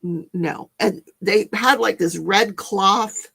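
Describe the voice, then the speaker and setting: A woman's voice: medium pitch, takes it slowly, gravelly, bright, forceful tone, slightly rough. A chatty, giggly woman hosting a casual livestream, reading out viewer comments and reacting to them. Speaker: livestream host. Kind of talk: casual live-stream chat.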